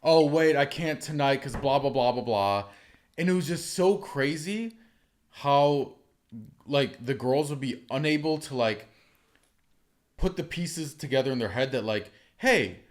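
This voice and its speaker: A man's voice: medium pitch, lively intonation, unhurried. A man hosting a podcast in a chatty way, acting out quoted lines and saying "like" often. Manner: chatty, acts out quotes, heavy use of "like". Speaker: podcast host. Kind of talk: casual conversation.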